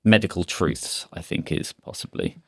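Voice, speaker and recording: A man's voice: low voice, wildly swooping pitch, normal speed, gravelly, a bit bright, slightly rough, no room sound, studio quality. A man hosting a podcast, talking in a casual, empathetic way and often affirming his guest. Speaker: podcast host. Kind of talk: casual interview chat.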